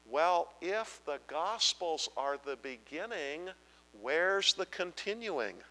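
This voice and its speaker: A man's voice: fairly high pitch, expressive, takes it slowly, pushed and bright, big-room sound, low-quality recording. A man preaching a Bible-teaching sermon, emphatic and asking the congregation repeated questions.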